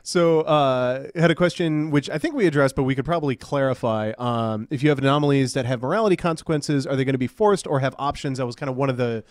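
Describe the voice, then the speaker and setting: A man's voice: medium pitch, fast, few pauses, dry recording, clean studio sound. A man hosting a livestream, reading viewer questions in an easygoing way and laughing often. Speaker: stream host. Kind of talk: casual livestream chat.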